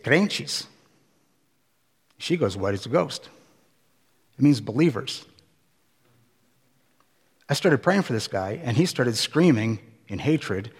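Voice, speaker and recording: Animated man preaching in a reverberant hall. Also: mid-range voice. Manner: animated storyteller, acts out scenes. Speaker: pastor. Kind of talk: sermon storytelling. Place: church hall.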